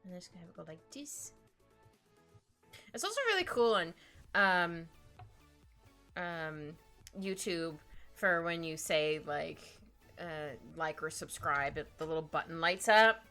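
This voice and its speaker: A woman's voice: on the low side, expressive, a little slow, pauses often, pushed and bright. A young woman, chatting casually and giggling as she draws live. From Canada. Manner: giggly, rambling, playful asides. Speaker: streamer drawing live. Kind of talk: casual chat while drawing. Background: faint music playlist.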